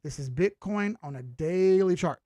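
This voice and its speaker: A man's voice: high voice, animated, moderate pace, dark tone, no room sound. A man hosting a live stream, walking viewers through a chart in a casual, joking way and asking them rhetorical questions. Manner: casual, chatty, full of rhetorical questions and jokes. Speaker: crypto chart analyst, stream host.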